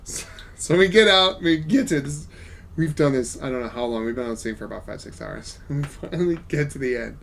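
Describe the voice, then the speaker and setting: A man in casual gaming chat, telling stories in an animated way and laughing often, with a faint noise behind him. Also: a little high, brisk, creaky. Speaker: podcast host.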